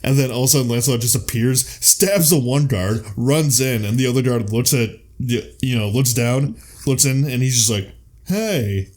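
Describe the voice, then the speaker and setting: A man co-hosting a podcast, talking through a favorite comedy film in casual chat. He narrates at an ordinary pitch and keeps lurching into squeaky put-on voices for the characters. He is from the US Midwest. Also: normal speed, hardly any pauses. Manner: animated retelling, jumps into high silly quoted voices. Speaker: podcast co-host.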